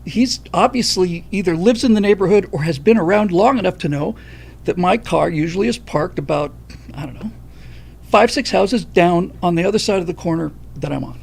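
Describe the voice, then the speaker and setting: A man hosting a livestream, telling a personal story in an animated, profane way. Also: high-pitched, normal speed, gravelly, slightly rough. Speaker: livestream host.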